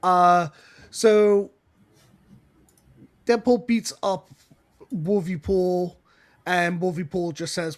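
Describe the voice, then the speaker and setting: High-voiced giggly podcast guy. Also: slow, long pauses. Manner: rambling, giggly, laughs often mid-sentence. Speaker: podcast co-host. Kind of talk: casual comic-book recap chat.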